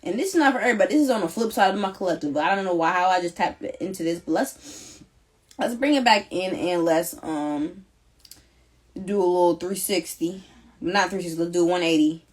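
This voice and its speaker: A woman's voice: fairly low pitch, a little fast, husky. A young woman doing a live collective tarot reading, talking in an emphatic, slangy, repetitive and emotional way. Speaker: tarot reader.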